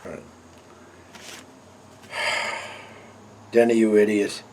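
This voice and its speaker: A man's voice: on the low side, steady tone, very slow, a little hiss or hum. A middle-aged man playing a dense, secretive uncle who lives alone in the woods, in a homemade film, with a mumbling, evasive delivery. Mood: wistful. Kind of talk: amateur film acting.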